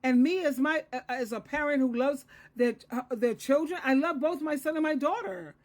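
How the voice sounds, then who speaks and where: A Christian counselor in her sixties delivers a solo advice monologue in a high voice. She lectures earnestly at a moderate pace, returning to key phrases for emphasis, and her tone is slightly mellow.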